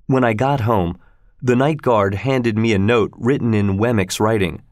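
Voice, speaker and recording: A man narrating a storybook in the first person with steady, measured delivery. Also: lowish voice, no room sound, studio quality. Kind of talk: storybook reading.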